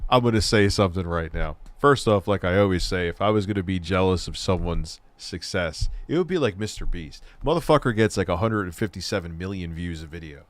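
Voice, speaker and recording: A man's voice: sits low, animated, brisk, few pauses, no room sound. A man hosting a casual reaction stream, profane and mocking. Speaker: host.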